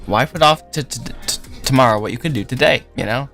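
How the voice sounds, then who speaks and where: A man's voice: medium pitch, brisk, a bit bright. A young man hosting a casual livestream, talking loosely while he works, rambling, trailing off and laughing often. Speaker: livestream host. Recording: faint lofi music behind.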